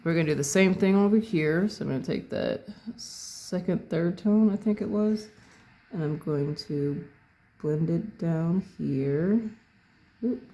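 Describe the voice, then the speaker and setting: Mellow, gravelly painting tutor. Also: mid-range voice, measured pace. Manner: calm, thinks aloud, corrects own words mid-phrase. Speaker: painting instructor. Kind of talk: casual step-by-step painting tutorial.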